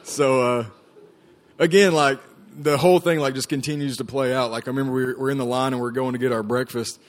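A man's voice: medium pitch, fairly even intonation, fairly quick. A man giving a personal testimony to a group, telling his story casually with lots of fillers. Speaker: ministry staff member giving testimony.

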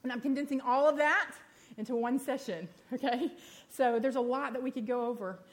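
Female church speaker, fast self-deprecating sermon delivery, slightly high voice. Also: steady tone. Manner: quick, chatty and self-deprecating. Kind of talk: sermon teaching with prayer.

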